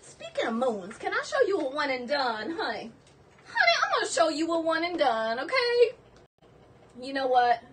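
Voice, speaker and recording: A woman putting on a put-on Southern US accent to play a vain, flirtatious middle-aged Southern belle with a breathy, coquettish drawl. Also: sits high, big pitch swings, moderate pace, fairly bright tone, far from the mic, slight background noise. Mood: vain, flirty.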